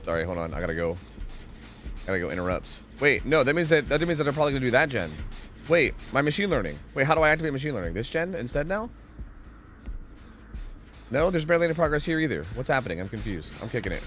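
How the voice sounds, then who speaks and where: A man streaming a game, chatting casually, swearing and yelling at the screen between stretches of humming. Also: medium pitch, quick pace, pauses often, a little hiss or hum. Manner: swearing, animated, yells at the screen, hums to himself. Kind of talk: casual gameplay commentary. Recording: game music behind the voice. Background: game music.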